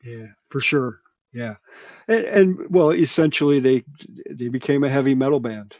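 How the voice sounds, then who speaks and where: A man's voice: medium pitch, moderate pace, dry recording, muffled recording. A middle-aged man telling loose, rambling stories from his band days in casual chat, swearing freely. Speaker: guest musician. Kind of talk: casual storytelling.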